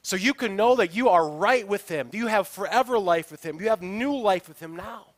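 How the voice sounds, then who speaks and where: A man with a high voice preaches to his congregation, earnest and emphatic, pausing on rhetorical questions. The sound is dry and close, with hardly any room around it. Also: animated, dry recording. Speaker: pastor. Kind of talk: sermon.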